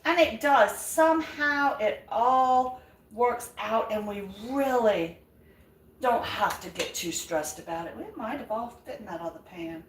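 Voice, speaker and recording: A woman's voice: fairly high pitch, unhurried, recorded from a distance, a little hiss or hum. An older woman hosting a live vlog, chatting and encouraging viewers as she cooks in her home kitchen. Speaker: vlog host. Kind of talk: live chat while cooking. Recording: echoey room, away from mic.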